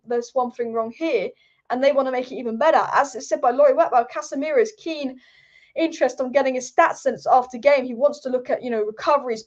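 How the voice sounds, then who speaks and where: Woman host, quick and high-pitched, swears freely and repeats her points in a casual rant. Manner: fired-up, swearing, repetitive. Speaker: football channel host. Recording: dull lo-fi audio.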